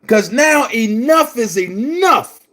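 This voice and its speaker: Slow, heated high-voiced man. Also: animated, fairly bright tone. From Baltimore. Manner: confrontational, repetitive, calls listeners brother. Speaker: online commentator. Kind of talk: heated monologue to camera.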